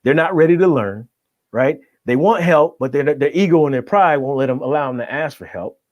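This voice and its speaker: A man's voice: a little high, expressive, fairly quick, no room sound, highs cut off. A middle-aged man, a guest coach, giving emphatic motivational talk on a podcast and checking in with his listener after each point. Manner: emphatic, keeps checking in with "right?".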